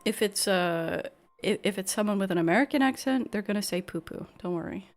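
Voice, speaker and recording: A woman's voice: mid-range voice, brisk, faint music behind. A woman live-streaming a game, chatting casually with viewers in a chatty, giggly way.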